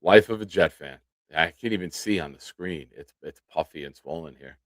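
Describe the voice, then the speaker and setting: Deep-voiced and moderately paced, this podcast host in his forties chats casually with viewers on a live sports show, all while dealing with a swollen tooth. The live-stream banter is relaxed, chatty and self-deprecating, and the sound has no echo.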